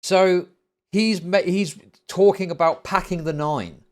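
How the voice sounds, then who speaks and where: A man's voice: high voice, fairly even intonation, slow, darkish tone. A man, a streamer host giving profane, sarcastic reaction commentary. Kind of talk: casual livestream reaction commentary.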